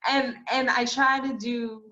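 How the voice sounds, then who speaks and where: Female podcast host, somewhat high voice, gushing and emotional, dull lo-fi audio. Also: level tone, unhurried, pushed and bright. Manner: effusive, emotional, gushing praise. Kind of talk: casual conversation.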